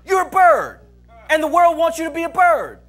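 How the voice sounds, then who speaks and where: High-voiced pastor, playful and laughing. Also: male voice, very animated, normal speed, fairly bright tone. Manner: playful storytelling with frequent laughter and voice imitations. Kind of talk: humorous sermon. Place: church service.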